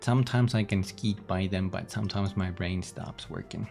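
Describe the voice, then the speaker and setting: Male streamer, low gravelly voice, casual commentary, faint game music under it. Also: normal speed, darkish tone. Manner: self-deprecating asides.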